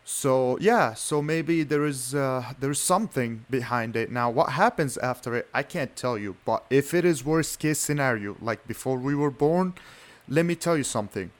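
A young man musing on a podcast, rambling along with frequent "you know" fillers and casual swearing. His voice sits at an ordinary middle pitch, relaxed and conversational. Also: normal speed. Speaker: podcast co-host. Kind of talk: casual chat.

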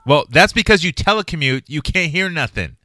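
A man's voice: a little high, expressive, fairly quick, sharp tone, no room sound. A man hosting a podcast, teasing his co-host with profane jokes in casual chat.

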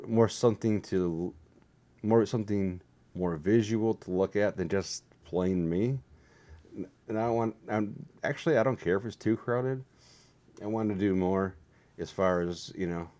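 Rambling, low-voiced man vlogging. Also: mellow. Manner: meandering and self-deprecating. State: tired. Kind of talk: rambling casual vlog.

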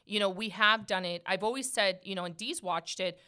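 A middle-aged woman hosting a podcast, talking loudly and animatedly in casual conversation, laughing often. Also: medium pitch, brisk, clear, resonant tone. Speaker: podcast host.

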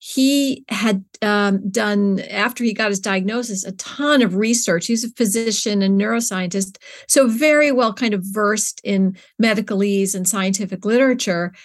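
A middle-aged woman of medium pitch talks at a normal speed as the guest in a conversational interview. As a nonprofit co-founder, she sounds earnest and searching, and she often restarts sentences with filler words.

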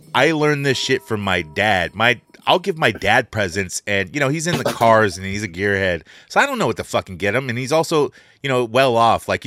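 Animated, profane man telling stories. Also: mid-range voice, dry recording. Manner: profane, animated storyteller, laughs often. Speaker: podcast co-host. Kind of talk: casual podcast chat.

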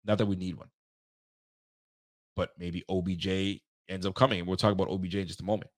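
A man hosting a casual sports podcast, animated and swearing freely, talking straight to his listeners and breaking into loud outbursts. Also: low voice, fast talker. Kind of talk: casual fan commentary.

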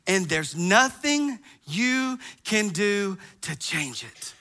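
Speaking slowly, a middle-aged pastor delivers a lively, story-driven sermon, acting out groans and sighs as he goes. His voice is high and very bright, cutting clearly through.

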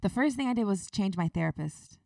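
A woman's voice: medium pitch, lively intonation, a little fast, gravelly, dark tone, dry recording, clean studio sound, distant mic. A woman hosting her podcast, talking earnestly and confidingly in a personal, motivational monologue. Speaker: podcast host.

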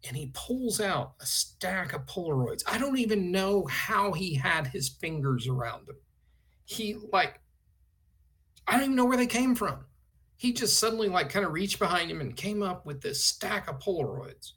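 A man, a guest artist on a podcast, telling a personal story in a rambling, animated way with many fillers. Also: on the high side, normal speed.

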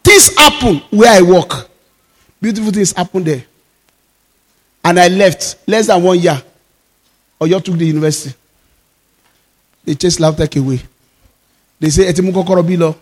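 A Nigerian man preaching a sermon as pastor, with fervent declarations that rise into shouts. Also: sits high, normal speed, pauses often, big-room sound.

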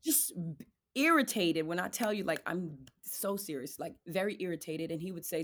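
A woman, a podcast guest giving candid, lively testimony about her faith and marriage, acting out the voices of the people in her story. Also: lowish voice, moderate pace. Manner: animated storyteller, acts out quoted voices; addresses listeners as "y'all".

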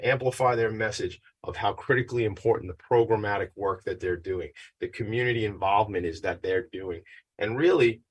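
A man hosts a casual show from his attic studio, talking in a husky, lowish voice. He's chatty and self-deprecating, and a little out of breath from the stairs. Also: a little fast. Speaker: podcast host. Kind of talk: casual upbeat show intro.

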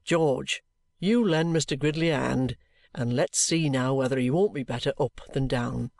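An audiobook reader voicing a shrewd, jovial middle-aged male detective who coaxes and banters in a steady everyday voice, recorded close and dry. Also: mid-range voice, moderate pace, creaky, no echo, natural voice. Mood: bantering. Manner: coaxing, bantering encouragement. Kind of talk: audiobook character reading.

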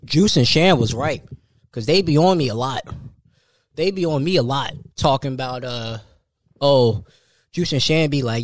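A man, hosting a solo podcast and telling an animated story. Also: moderate pace, pauses often, dry recording, studio quality. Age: 30s. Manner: animated storytelling, jumps high for quoted voices. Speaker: podcast host.

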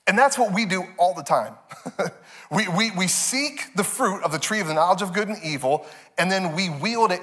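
A man in his thirties preaching a sermon as pastor, telling stories with animated, expressive delivery. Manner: animated storytelling, jumps high for quoted voices.

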